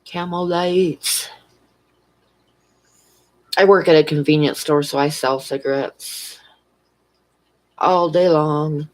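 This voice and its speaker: A convenience store clerk chats on a live stream from home, near a fish tank, her low voice keeping a fairly even intonation. She talks slowly with long pauses, rambling through stories and laughing often, though the audio quality is poor.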